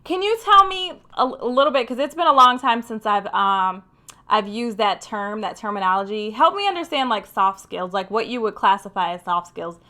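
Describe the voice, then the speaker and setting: A young woman from Michigan telling a career story to her viewers in a casual, animated way, full of "like" and "you know". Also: mid-range voice, normal speed. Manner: chatty and animated, lots of "like". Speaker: career vlogger.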